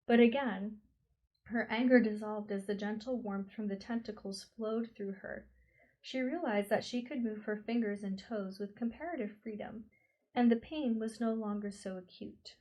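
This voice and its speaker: A woman reading a novel aloud as an audiobook narrator, slow and expressive. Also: mid-range voice, rough recording. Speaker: audiobook reader. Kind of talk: scripted storybook narration.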